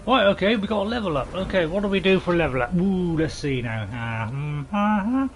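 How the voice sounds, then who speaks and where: High-voiced chatty man gaming. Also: lively intonation, a little fast, slight background noise. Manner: chatty and jokey, bantering with game characters. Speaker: gaming channel host. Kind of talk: casual let's-play commentary.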